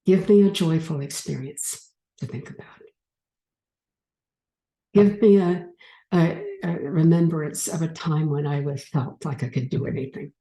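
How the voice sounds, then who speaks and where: Woman, spiritual speaker, slow and mellow, coaxing, roomy echo. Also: sits low. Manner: unhurried, gently coaxing, talks to the audience. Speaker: speaker leading a group exercise. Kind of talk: spiritual talk with guided exercise.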